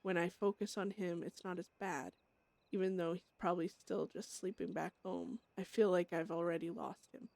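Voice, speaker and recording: A woman voicing a troubled outlaw woman who hears voices and craves drugs, speaking her thoughts in a quiet, halting inner monologue. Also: fairly low pitch, steady tone, vocal fry, dry recording. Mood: anguished.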